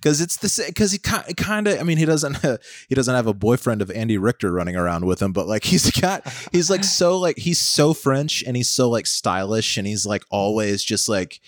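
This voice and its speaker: An American man in his thirties co-hosts a podcast, joking around and rambling with lots of fillers in a casual chat. His medium-pitched voice swings widely in pitch at a normal speed with few pauses. The recording is dry and studio quality.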